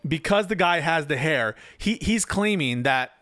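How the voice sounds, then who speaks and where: A man's voice: on the high side, lively intonation, a little slow, sharp tone, no room sound, clean studio sound, soft background music. A male commentator giving reaction commentary, rebutting a written post point by point with incredulous, sarcastic remarks. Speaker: political commentator.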